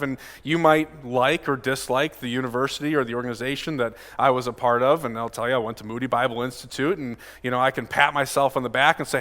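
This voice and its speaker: A male pastor preaches a conversational sermon in a church sanctuary, talking casually and directly at the pulpit microphone and frequently asking the congregation questions. His mid-range voice is brisk and a bit bright, with big-room sound.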